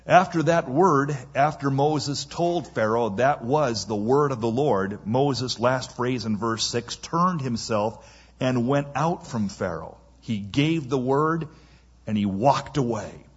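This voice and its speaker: A man preaching in a slow, measured way, with a husky, breathy edge to his voice. He reads scripture and then retells it in plain, casual words, throwing himself into the lines he quotes. The recording sounds dull and lo-fi. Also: mid-range voice, expressive. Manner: dramatic, acts out quoted lines. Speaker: pastor. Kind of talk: expository sermon.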